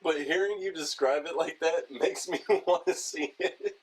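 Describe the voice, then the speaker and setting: A man's voice: on the high side, moderate pace. Laughing podcast co-host man, noisy recording. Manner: laughing, agreeable, casual swearing. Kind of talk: casual podcast chat about movies.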